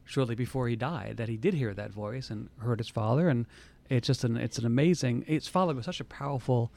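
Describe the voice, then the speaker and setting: Man, interviewer, fast-paced, gravelly, prompting questions. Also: medium pitch, darkish tone. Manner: fast, prompting, fills in details.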